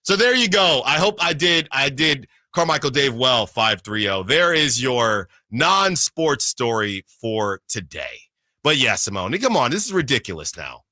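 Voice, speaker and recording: A man co-hosting a sports radio show, telling a long story in an animated way, acting out what people said and often repeating himself. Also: mid-range voice, measured pace, dry recording, clean studio sound. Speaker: sports radio fill-in host.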